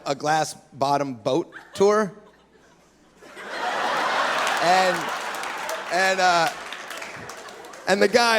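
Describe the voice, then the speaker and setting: A man's voice: sits high, a bit bright. A middle-aged man doing profane, sardonic stand-up crowd work in a theater, now and then slipping into put-on accents. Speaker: stand-up comedian. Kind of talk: stand-up routine. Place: theater stage before a live audience. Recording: live club recording with crowd noise. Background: audience laughter.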